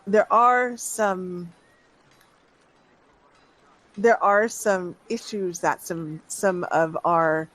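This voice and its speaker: A game master narrating a tabletop game at an easy, unhurried pace. The delivery is halting, with phrases often restarted and trailing off before picking back up. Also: mid-range voice, fairly even intonation, fairly bright tone, poor audio. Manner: unhurried, hesitant, restarts with many fillers.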